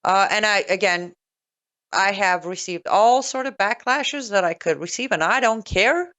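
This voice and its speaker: A woman's voice: mid-range voice, lively intonation, a little slow, a bit bright. Sarcastic woman delivering political commentary. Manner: sarcastic, emphatic, repeats points for stress.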